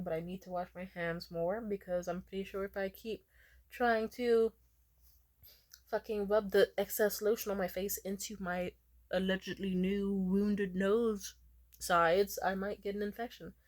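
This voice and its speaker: A young adult woman telling a casual storytime vlog, chatty and profane, squealing high when she acts out other people. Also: little pitch movement, unhurried. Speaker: vlogger.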